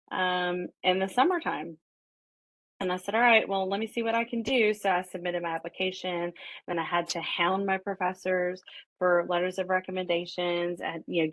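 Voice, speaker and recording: A woman's voice: on the low side, no room sound, rough recording. A middle-aged woman, a college professor, telling the story of her road to a doctorate and acting out her own and her husband's words. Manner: animated retelling, quoting herself and her husband. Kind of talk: personal storytelling.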